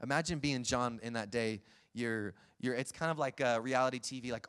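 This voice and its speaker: A man preaching a sermon, retelling scenes in a lively, chuckling way. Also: mid-range voice, normal speed, smooth. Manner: lively storytelling, acts out scenes, chuckles often.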